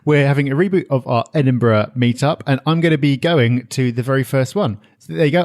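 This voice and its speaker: A man's voice: mid-range voice, a little mellow. A man co-hosting a property podcast, chatting casually and enthusiastically with frequent fillers. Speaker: podcast co-host. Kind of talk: casual chat.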